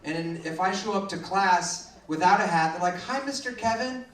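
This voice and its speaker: A young man doing a stand-up set, acting out kids in sudden shrill shouts. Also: little pitch movement, normal speed, recorded from a distance. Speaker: stand-up comedian. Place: club stage, roomy. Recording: roomy live club sound from afar.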